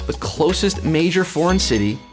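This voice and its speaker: A young man hosting a live trivia game show, reading questions with playful puns and big swoops in pitch. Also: lively intonation, normal speed, faint music behind.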